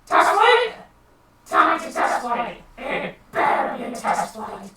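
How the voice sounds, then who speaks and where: A man's voice: very high-pitched, huge pitch swings, a little slow, pushed and bright, pitched above the performer's own voice, full character voice. A man voicing a grudging small male goblin leader in a tabletop game, grumbling his reluctant thanks. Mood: alarmed. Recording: echoey room, far from mic.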